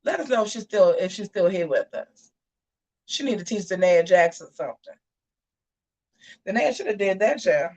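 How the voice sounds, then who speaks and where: Sassy woman w/ aave doing live gossip commentary, talks back to chat, mid pitch. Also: animated, moderate pace, pauses often, a little mellow, far from the mic, highs cut off. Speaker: host of a live commentary show. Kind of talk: livestream commentary reading chat.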